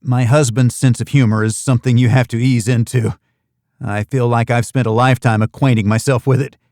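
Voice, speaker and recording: A man's voice: medium pitch, fairly even intonation, brisk, darkish tone, no room sound, lightly acted. Give me a man doing a wry, teasing wife. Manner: dry, teasing.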